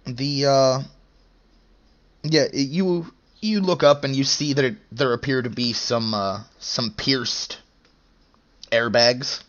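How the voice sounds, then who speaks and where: Young male game master, slow and halting delivery, mid-range voice, dull lo-fi sound. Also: mid-range voice, a bit bright. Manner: slow, hesitant, many fillers. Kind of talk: narrating a tabletop game.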